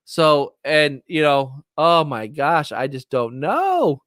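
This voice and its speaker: Excitable rambling middle-aged man. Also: a little high, slow pace, no room sound, clean studio sound. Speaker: livestream host. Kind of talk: casual livestream chat. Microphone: streaming setup, close mic.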